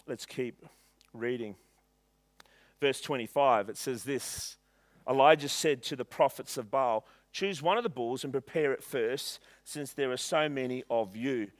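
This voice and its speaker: A man preaching a sermon in church, reading scripture aloud and retelling it with animated humor. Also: medium pitch, unhurried, dry recording. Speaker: pastor.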